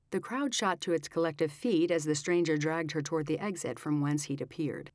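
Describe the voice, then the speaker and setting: A low-pitched female audiobook narrator reads scripted narration aloud in a measured, dramatic storytelling style. The recording is clean studio sound with no room sound.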